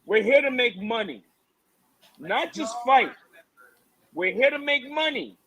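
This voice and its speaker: Man, very high voice, bright, animated mocking rant, casual podcast chat. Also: a little slow, breathy edge, low-quality recording. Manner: animated ranting, mocking, laughing.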